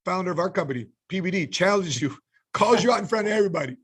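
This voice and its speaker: Husky-voiced man hosting a podcast. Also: sits high, expressive, fast. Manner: conversational, asks probing questions. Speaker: podcast host. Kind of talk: casual podcast interview.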